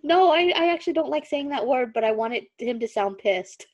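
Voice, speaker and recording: A woman hosting a casual podcast chat and reading fan fiction aloud, animated and quick to laugh. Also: high-pitched. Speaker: podcast host and reader.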